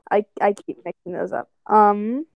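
A woman's voice: mid-range voice, measured pace, gravelly, no echo, dull audio. Bubbly woman playing a tabletop game. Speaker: player. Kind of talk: casual tabletop play and in-character talk.

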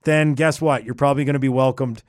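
A man as an interview guest, talking with animated enthusiasm and often restarting his phrases. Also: mid-range voice, fast talker, dry recording, clean studio sound. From Canada. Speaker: guest, traveller. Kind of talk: casual conversational interview.

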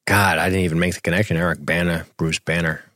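A man's voice: low-pitched, quick pace, no room sound, clean studio sound. A man co-hosting a podcast, chatting casually as he recaps a TV episode and reads questions from the chat. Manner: relaxed, laughs often, reads chat questions. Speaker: podcast co-host.

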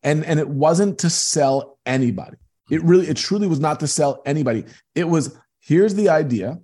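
A man's voice: on the high side, fairly quick, darkish tone, breathy edge. A man being interviewed as a guest, telling earnest, emphatic stories about his business. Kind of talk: conversational interview.

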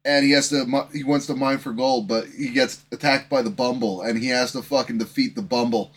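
A man's voice: medium pitch, steady tone, brisk, husky. A man co-hosting a horror movie podcast, chatting in a jokey, offhand way. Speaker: podcast co-host. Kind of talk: casual podcast chat.

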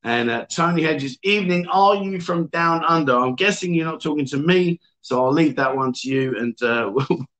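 A man hosts a casual livestream from an indoor venue. His voice sits slightly higher than most men's. He rambles through viewer greetings with frequent fillers and restarts. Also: moderate pace, a bit bright, rough recording. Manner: chatty, reads viewer comments aloud with frequent fillers. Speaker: livestream host.

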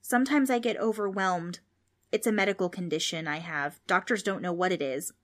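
A woman's voice: fairly low pitch, brisk, natural voice. A woman voicing a timid young boy who speaks meekly and over-politely. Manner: meek and overly polite.

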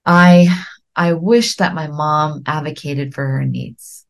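A middle-aged woman hosting a podcast, giving earnest, gentle coaching and slowing down to stress key words. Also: low voice, fairly even intonation, creaky. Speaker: podcast host.

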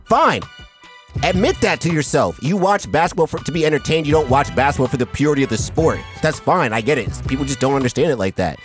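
A man's voice: on the high side, animated, fast, soft background music. A man hosting a sports podcast, ranting emphatically and with profanity, often stopping to ask "right?". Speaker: podcast host. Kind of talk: heated sports podcast rant.

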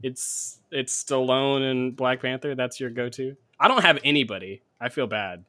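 A man's voice: mid-range voice, moderate pace, pushed and bright. A man hosting a casual podcast chat with friends, laughing often and swearing freely. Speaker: podcast host.

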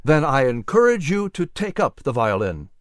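A man voicing a cheerful, talkative young fiddler in a storybook reading, hearty and animated. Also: medium pitch, normal speed, no echo, clean studio sound, natural voice.

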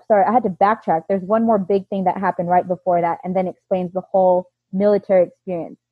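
A woman's voice: mid-range voice, breathy edge, dry recording. A woman in her thirties, telling her own story in casual talk and acting out the quoted dialogue with animation. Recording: dry, tinny phone-like line.

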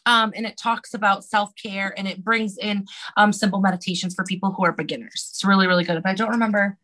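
A woman's voice: mid-range voice, steady tone, quick pace, a bit bright, poor audio. A woman guest on a podcast, speaking in an earnest, heartfelt way and laughing easily. She shifts between chatting casually and reading a passage aloud. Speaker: interview guest.

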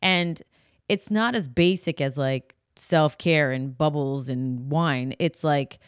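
A woman's voice: low-pitched, a little slow, dry recording, studio quality. A middle-aged woman co-hosting a podcast, chatting casually and acting out the voices in her stories. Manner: animated storytelling, acts out quoted voices. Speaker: podcast co-host. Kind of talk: casual chat.

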